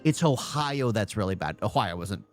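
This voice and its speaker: A man's voice: lowish voice, lively intonation, moderate pace, faint music behind. A young adult man giving casual reaction commentary, rambling and repeating his own phrases. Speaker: reaction video host. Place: home in California.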